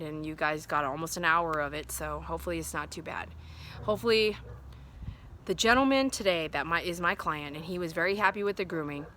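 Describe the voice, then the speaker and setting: A woman's voice: on the low side, pushed and bright, slight background noise. A woman dog groomer talking casually and earnestly to her viewers, rambling from thought to thought, recorded outdoors at sundown. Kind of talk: casual vlog talk to viewers.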